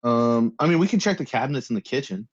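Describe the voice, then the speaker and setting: A man's voice: medium pitch, animated, fast, no echo. Hesitant man with a dull, dry sound. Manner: hesitant, uses many fillers. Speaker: player. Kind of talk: casual tabletop play.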